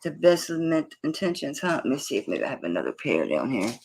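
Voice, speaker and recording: Casting note: middle-aged woman, low voice, winded, flustered, rambling live-stream chat, faint hiss behind. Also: huge pitch swings, brisk, creaky. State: out of breath. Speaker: host of live jewelry auction stream.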